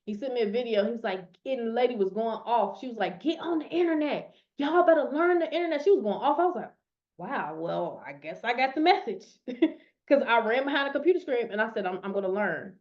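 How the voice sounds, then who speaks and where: High-voiced woman coaching on a dull call. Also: animated, fairly quick. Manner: emphatic storytelling, dialect speech, "y'all". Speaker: network marketing coach. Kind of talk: motivational talk on a call. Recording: dull lo-fi audio.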